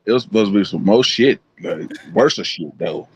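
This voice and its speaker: Profane, animated man on a dull lo-fi mic. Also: fairly low pitch, normal speed, breathy edge. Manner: profane, animated storytelling with voiced quotes. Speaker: podcast co-host. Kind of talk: casual chat. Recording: dull lo-fi sound.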